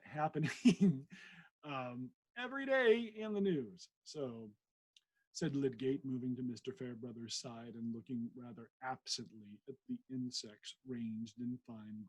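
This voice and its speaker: A man's voice: medium pitch, darkish tone, slightly rough, low-quality recording. A man hosting a podcast, reading a novel aloud with casual, self-deprecating commentary. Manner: self-deprecating, chatty asides.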